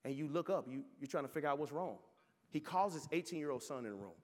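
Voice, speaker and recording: A male pastor delivering an impassioned sermon, his voice a bit high for a man. He often stumbles and restarts his words. A long reverb trails each line, as in a large hall. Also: expressive, fast. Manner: impassioned storytelling preacher with repeated restarts.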